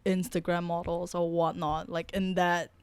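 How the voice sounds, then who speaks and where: Candid, lower-voiced woman guest. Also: little pitch movement, normal speed, clear, resonant tone, dry recording. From Malaysia. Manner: candid, laughs often. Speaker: photographer, guest. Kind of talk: casual chat.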